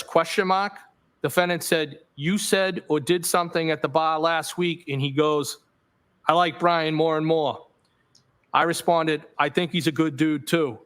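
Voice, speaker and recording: A man's voice: a little high, fairly bright tone. Man reading texts aloud in court. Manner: measured reading aloud, reads punctuation such as "question mark" aloud. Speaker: witness in court.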